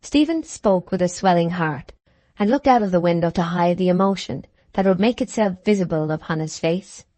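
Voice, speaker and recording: With a lowish voice and no room sound at all, a woman narrates a classic novel as an audiobook. Her delivery stays steady and even throughout.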